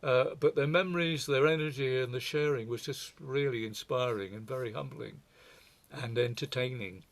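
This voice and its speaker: A man's voice: mid-range voice, moderate pace, gravelly. Older man giving a wry, digressive talk. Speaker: speaker presenting to a forum. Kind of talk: reflective presentation talk.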